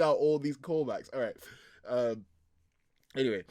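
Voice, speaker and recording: Excitable young man, dry close sound. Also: mid-range voice, takes it slowly, pauses often, no room sound. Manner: excitable, laughs often, loose filler-heavy talk. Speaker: manga reaction host. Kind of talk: casual reaction chat.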